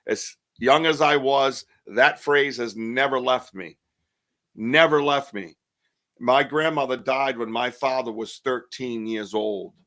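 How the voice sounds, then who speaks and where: Speaking in a mid-range, slightly bright voice, this man in his fifties hosts a podcast and vividly recounts a personal story in a casual way, performing the things people said.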